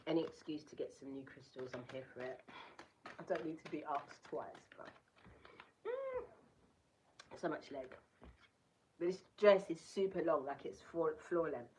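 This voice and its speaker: A woman's voice: low-pitched, normal speed, darkish tone, slight background noise, poor audio. A woman giving a casual collective tarot and crystal reading, reading card text aloud and breaking off into chatty asides. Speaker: tarot reader.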